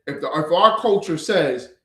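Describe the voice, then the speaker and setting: A man's voice: a little high, lively intonation, moderate pace, sharp tone, reverberant. A man teaching a livestreamed scripture class, lecturing emphatically with rhetorical questions.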